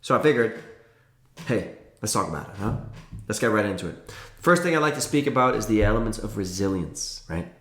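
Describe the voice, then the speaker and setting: Male health educator, emphatic and playful, animated delivery, roomy sound. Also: on the low side, a little fast. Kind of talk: energetic educational talk to camera. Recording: roomy echo.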